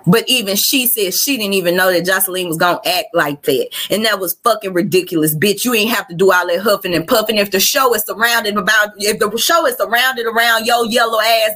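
Her mid-range voice has a sharp tone, and she moves fairly quickly with hardly any pauses. The woman, a podcast host with an Arkansas Southern accent, delivers a blunt, profanity-heavy livestream rant.

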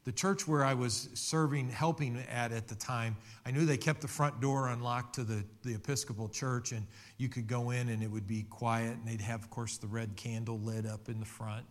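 A man's voice: medium pitch, fairly bright tone. A middle-aged man preaching a sermon, telling a personal testimony in an earnest, conversational way with many restarts. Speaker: pastor.

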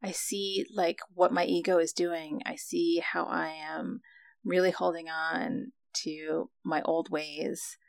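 A woman casually telling a personal story about breathwork, reflective and animated, acting out her own past reactions with frequent fillers. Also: fairly low pitch, slow pace, vocal fry, dry recording.

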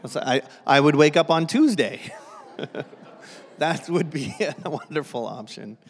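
Joking pastor in a reverberant hall. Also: male voice, fairly high pitch, lively intonation, unhurried. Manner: self-deprecating, joking, frequent restarts. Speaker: guest pastor. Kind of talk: humorous sermon. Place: church sanctuary.

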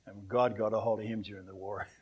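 Older Australian preacher telling stories. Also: male voice, on the low side, flat delivery, fast talker, a little mellow, slightly rough. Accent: Australian, softened by years in America. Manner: rambling storyteller, chuckles often. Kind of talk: anecdotal sermon. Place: church.

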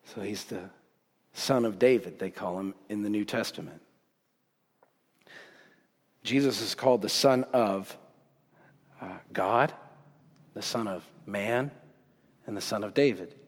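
A man preaching a sermon as pastor, telling the story in a casual, animated way with bursts of excitement. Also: lowish voice, measured pace, long pauses. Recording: long hall reverb.

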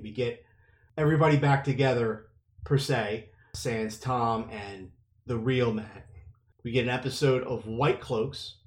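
A man's voice: mid-range voice, reverberant. A man hosting a podcast, casually recapping a chapter and then reading it aloud. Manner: relaxed, thinking aloud with restarts. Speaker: podcast host and reader.

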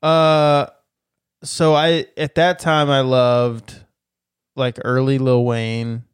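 Male co-host, smooth clear voice, laid-back unhurried chat, close dry mic. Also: medium pitch, flat delivery, no room sound. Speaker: podcast co-host. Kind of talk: casual chat.

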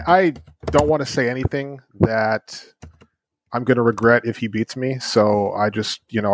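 A man with a low, dry-sounding voice hosts a casual sports podcast. He rambles in a laid-back way and often restarts his sentences. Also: dry recording. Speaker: podcast host.

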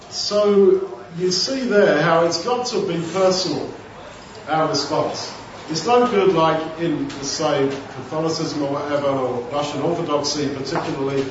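A man delivers a sermon in a chatty, conversational style, slipping into quick acted-out dialogues. His voice sits a little high. He is recorded from a distance in a booming, echoey hall, with a dull tone and a faint background hum. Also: expressive. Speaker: preacher. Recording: echoey room, distant mic, dull sound.

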